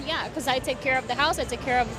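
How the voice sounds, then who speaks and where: A woman's voice: high-pitched, fast talker, over music, crowd noise. A woman in her twenties, answering a street interviewer assertively. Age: 20s.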